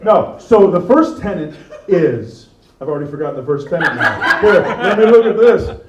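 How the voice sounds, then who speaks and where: A middle-aged man performing a stand-up comedy set, animated and teasing the crowd, on a stage microphone. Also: a little high, normal speed, dull audio. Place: comedy venue with live audience. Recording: echoey room, mic far off.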